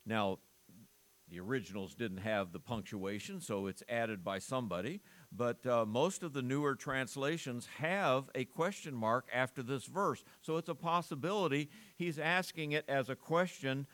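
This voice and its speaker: A man's voice: mid-range voice, fairly bright tone. A male pastor preaching an earnest sermon, asking the congregation rhetorical questions and often restarting his phrases.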